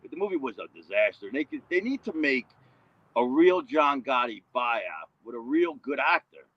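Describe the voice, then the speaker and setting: A man's voice: medium pitch, sing-song, normal speed, no room sound, muffled recording. A man rambling through a casual livestream chat, often tagging on "you know what I mean".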